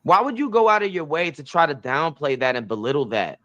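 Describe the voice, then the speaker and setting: Young male commentary host, blunt and emphatic, on the higher side for a man. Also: sing-song, brisk, a bit bright, dull audio. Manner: blunt, emphatic, repeats himself. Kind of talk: reacting to interview clips.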